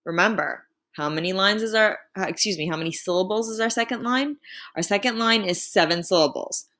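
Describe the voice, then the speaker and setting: A woman's voice: medium pitch, background noise. Patient woman teaching a lesson. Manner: clear, patient, slowing down to sound out words. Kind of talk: remote lesson for students.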